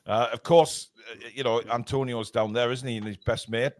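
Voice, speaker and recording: A man's voice: mid-range voice, steady tone, moderate pace, no room sound. A man hosting a casual fan podcast, rambling and laughing as he reads out viewer comments. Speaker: host of a fan forum show.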